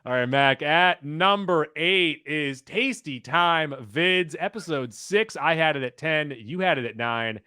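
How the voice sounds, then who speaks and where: A man co-hosting a podcast in casual chat, briskly announcing entries of a countdown. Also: a little high, expressive, pushed and bright, clear, resonant tone, dry recording, clean studio sound. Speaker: podcast co-host.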